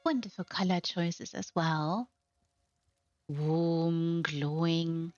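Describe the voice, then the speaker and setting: A woman's voice: deep voice, fairly even intonation, very slow, a little mellow, no echo. A woman hosting a game housing showcase, talking over a gameplay tour in a gushing, affectionate, admiring way. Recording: slightly muffled, faint music behind.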